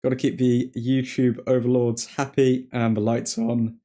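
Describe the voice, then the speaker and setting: A man's voice: medium pitch, level tone, measured pace, dark tone. A man with an English accent casually hosting a football watchalong, chatting and reacting to viewer comments. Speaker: livestream host.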